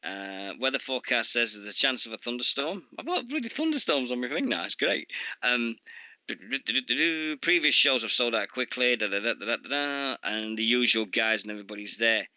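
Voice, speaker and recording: A man hosting a casual radio show, reading event listings in a halting way full of fillers and asides. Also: mid-range voice, bright, forceful tone, clear, resonant tone, dry recording.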